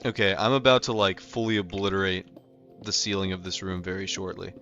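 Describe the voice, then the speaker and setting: A man's voice: deep voice, flat delivery, a little fast, a bit bright. A young man from North America chatting casually while playing a game live, rambling with lots of fillers. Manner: loose and rambling, heavy on fillers like "like" and "um". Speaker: livestreamer. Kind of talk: casual live gameplay chat. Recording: slightly muffled stream audio with faint music.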